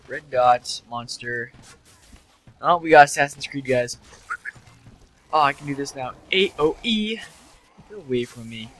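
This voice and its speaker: Bright-voiced young man riffing on a game. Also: mid-range voice, steady tone, moderate pace, pauses often, rough recording. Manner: joking, sarcastic, mocks game characters. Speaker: let's play commentator. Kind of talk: casual gameplay commentary.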